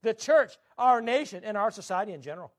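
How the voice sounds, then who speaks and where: A man preaching a sermon, emphatic, drawing out scripture quotes slowly and swinging his pitch up and down. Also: lively intonation. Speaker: pastor.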